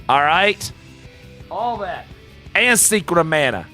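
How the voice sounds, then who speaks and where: A man live-streaming, talking with chat in a loud, profane, hyped-up way and dropping into quieter, heartfelt asides between whoops. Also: high voice, sing-song, slow, pauses often, faint music behind. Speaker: live-streamer reacting to game announcements. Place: home streaming room with shelves of games.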